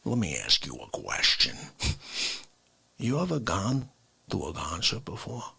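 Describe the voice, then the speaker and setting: Excitable husky-voiced male host. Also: lowish voice, a little slow, dry recording. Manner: excitable, laughs often. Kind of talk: live comedy stream.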